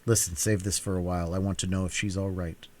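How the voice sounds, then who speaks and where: A cool, self-assured young man, unhurried and matter-of-fact, voiced by a male reader in a cold-read audiobook. His tone is very low and steady. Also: natural voice. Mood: calm.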